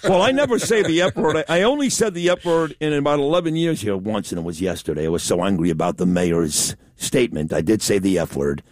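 A man's voice: lowish voice, lively intonation, fast, few pauses, no echo, clean studio sound. A man hosting a radio talk show, talking in a blunt, emphatic, rambling way. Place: radio studio. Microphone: studio mic.

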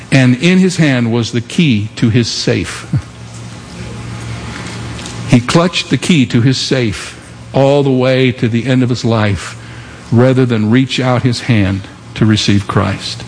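A male pastor delivering an impassioned sermon with long dramatic pauses and rising emphasis, recorded live. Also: medium pitch. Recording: live sermon in a reverberant hall with faint noise.

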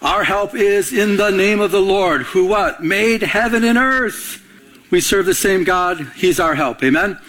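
A man's voice: high voice, normal speed, few pauses. A man pastor preaching a sermon, telling a story with acted-out dialogue and prompting the congregation to answer. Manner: animated storytelling, acting out both sides of a phone call; call-and-response prompts to the congregation.

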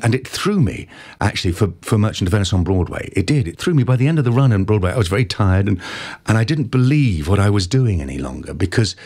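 Animated actor, lively storytelling. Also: male voice, fairly low pitch, husky. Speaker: actor being interviewed. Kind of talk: conversational interview, storytelling.

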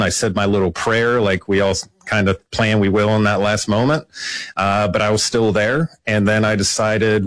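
A man's voice: on the low side, fairly even intonation, normal speed, no echo, poor audio. A male police officer telling his own story in an interview, matter-of-fact with a dry sense of humor.

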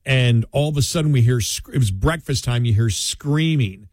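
A man's voice: medium pitch, animated, normal speed, darkish tone, no room sound. A man chatting casually as a show's co-host, telling long rambling stories and laughing often. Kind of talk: casual chat.

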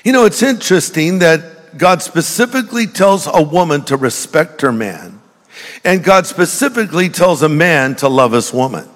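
Older pastor, joking sermon, echoing hall. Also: male voice, fairly high pitch, expressive, moderate pace, a bit bright. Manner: joking storyteller, direct with the congregation. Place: church. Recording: long reverb of a large hall.

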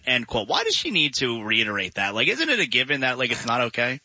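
Sports radio guy, super bright husky voice, kinda rambly, dull lo-fi sound. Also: medium pitch, huge pitch swings, quick pace, few pauses, no room sound. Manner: rambling, restarts sentences. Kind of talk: casual sports radio chat.

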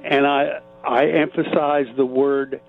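A man's voice: medium pitch, flat delivery, vocal fry, faint music behind. Male caller on a tinny phone line. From Texas. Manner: emphatic, halting with fillers.

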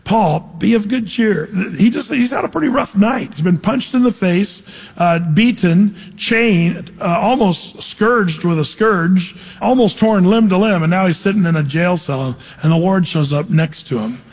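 A man preaching an expository Bible teaching, animated and conversational, asking his congregation questions as he reads the passage. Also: sits high, measured pace, vocal fry. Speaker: pastor. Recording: long hall reverb.

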